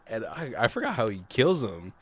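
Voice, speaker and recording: Guy rambling thru a horror movie recap, swears a lot, does quick voices for the characters. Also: mid-range voice, husky. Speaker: podcast co-host. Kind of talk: casual movie commentary chat.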